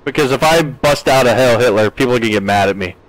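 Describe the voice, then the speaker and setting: American male game streamer, 30s, mid-pitched, chatty and joking, dry close mic. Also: fast, no echo, rough recording. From United States. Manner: chatty, reads chat aloud with playful jokes. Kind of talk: live-stream chat.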